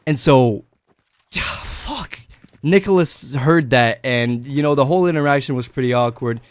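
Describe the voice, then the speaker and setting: A young adult man telling a personal story in a casual vlog, animated and swearing. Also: medium pitch, normal speed, clean tone, no echo. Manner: animated, swearing, breaks into laughter. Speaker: vlogger.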